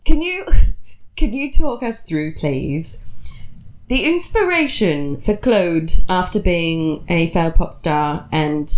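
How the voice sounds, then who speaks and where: A woman's voice: on the low side, animated, takes it slowly. Playful woman hosting a comedy podcast. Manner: jokey, laughs often, playful asides. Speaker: podcast host. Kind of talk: casual comedic chat.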